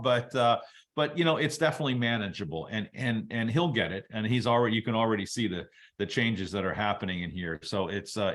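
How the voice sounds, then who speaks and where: Man calmly explaining soil science. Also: fairly low pitch. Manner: relaxed explanatory, steady teaching flow with casual asides. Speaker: webinar presenter.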